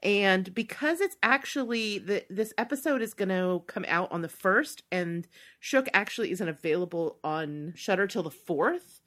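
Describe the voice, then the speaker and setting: Bright, lively woman podcast co-host. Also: medium pitch, normal speed. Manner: chatty, laughs often, upbeat. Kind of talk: casual chat.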